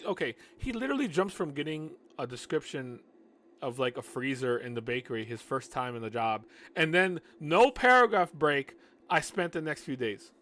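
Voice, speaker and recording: A man reads a book aloud in a casual, unpolished way, stopping often for sarcastic commentary. His voice is mid-pitched and ordinary. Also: a bit bright. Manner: sarcastic asides, frequent restarts. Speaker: audiobook reader and commentator.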